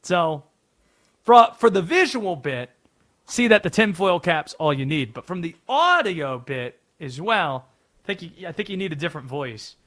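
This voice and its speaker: A man's voice: on the high side, big pitch swings, normal speed, fairly bright tone. A man from North Carolina hosting sports talk radio, chatty and wry as he explains the bit.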